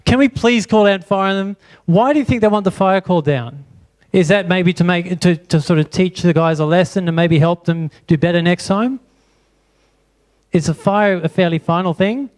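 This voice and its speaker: A man's voice: sits high, moderate pace, a little mellow. A man preaching a sermon in church, asking the congregation question after question. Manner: asks the congregation many rhetorical questions. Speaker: pastor.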